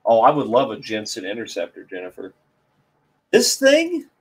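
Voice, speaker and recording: A man's voice: on the low side, quick pace, a little hiss or hum. A man hosting a car channel's live stream, chatting casually in a rambling, hesitant, self-deprecating way.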